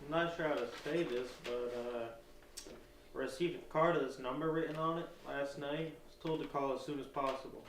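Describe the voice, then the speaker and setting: Male reader as a wary contractor with halting delivery; distant, echoey live-reading sound. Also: medium pitch, fairly even intonation, fairly bright tone, slight background noise, lightly acted. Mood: uneasy. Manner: hesitant, uneasy. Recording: roomy stage sound from far off.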